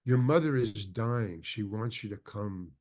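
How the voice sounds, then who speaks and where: A man's voice: lowish voice, a little slow, a little mellow. Older male guest, meandering anecdote, keeps restarting and acting out the dialogue. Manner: rambling, full of restarts, acts out quoted dialogue. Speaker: interview guest, actor. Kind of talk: anecdotal storytelling in an interview.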